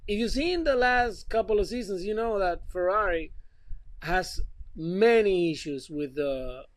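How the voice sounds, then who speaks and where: Man, podcast guest, relaxed storyteller, casual cursing, slightly high voice. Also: unhurried, no echo, poor audio.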